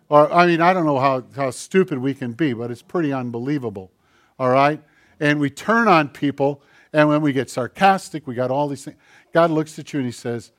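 A man preaching a sermon in an animated, conversational way, acting out quoted voices and tossing asides to the congregation. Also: medium pitch, moderate pace. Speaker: pastor.

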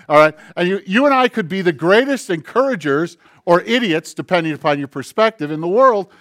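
Earnest, slightly high-voiced male preacher. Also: animated, a bit bright, no room sound, studio quality. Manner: conversational, earnest, slowing on key phrases; acts out dialogue and asides. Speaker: pastor. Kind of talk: sermon.

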